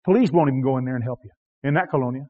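A man preaching a sermon in a folksy, self-deprecating way, with rhetorical questions, swinging from loud, high exhortation to quiet, low asides. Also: rapid-fire, narrow, tinny audio.

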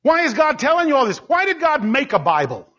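A man preaching a sermon, driving his points home with repetition and bursts of shouting. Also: very high voice, sing-song, fairly quick. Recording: dull lo-fi recording.

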